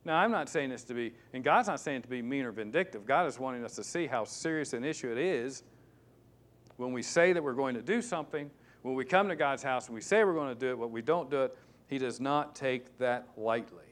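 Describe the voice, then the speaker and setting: A male pastor preaching a sermon, emphatic and repetitive, swinging between loud stresses and hushed asides. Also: medium pitch, fairly quick. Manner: repeats key words for stress.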